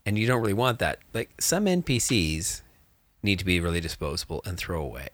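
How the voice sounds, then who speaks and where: Low-voiced man, animated chat. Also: brisk, no room sound. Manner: animated, rambling, many fillers. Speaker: game master, podcast co-host. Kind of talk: casual chat.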